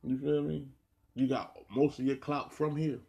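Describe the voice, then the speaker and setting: A man's voice: mid-range voice, little pitch movement, normal speed, mellow. A man from New Jersey talking in a casual monologue, ranting bluntly with heavy slang and a lot of repetition. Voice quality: gravelly, husky.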